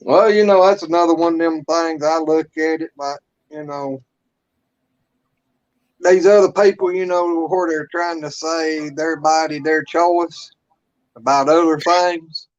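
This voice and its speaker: A man co-hosting a casual live stream, talking haltingly, repeating words and filling with "you know". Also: on the high side, steady tone, muffled recording. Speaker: co-host.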